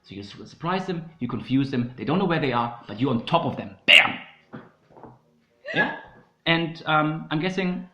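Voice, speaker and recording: A man's voice: fairly high pitch, lively intonation, moderate pace, bright, forceful tone. A man hosting a comedy podcast, giving a mock self-help lecture and rambling with "you know" and "okay?". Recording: roomy, dull sound with faint music.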